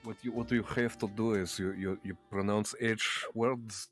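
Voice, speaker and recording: Teasing low-voiced man on a stream. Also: fairly even intonation, faint music behind. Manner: teasing, quick to laugh. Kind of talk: casual livestream chat.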